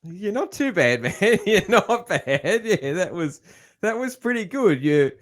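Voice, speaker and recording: A man's voice: sits high, very animated, a little slow. A man with a broad Australian accent hosting a podcast, laid-back and calling his guest "man.". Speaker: podcast host. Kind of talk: casual interview chat.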